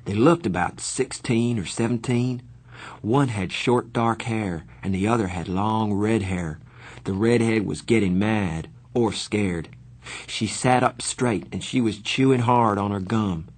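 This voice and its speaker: A man narrating a novel in the first person, earnest and measured. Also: fairly low pitch, slightly rough. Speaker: audiobook narrator.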